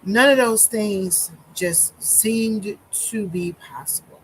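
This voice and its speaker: A woman minister telling her own story in a slow, deliberate monologue with many pauses and fillers, holding back tears. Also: mid-range voice, slight background noise, low-quality recording.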